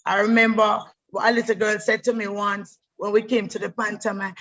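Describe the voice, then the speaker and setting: A middle-aged actress, telling her life story in an animated way, often repeating words as she goes. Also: mid-range voice, a little fast, dull audio. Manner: animated, repeats words, breaks into voices and laughter. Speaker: stage actress. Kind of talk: personal storytelling monologue.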